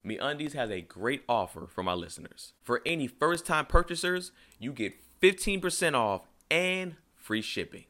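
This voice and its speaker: Guy doing a podcast ad read, bright and punchy, kinda salesy. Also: medium pitch, very animated, moderate pace, few pauses. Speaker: podcast host reading an ad.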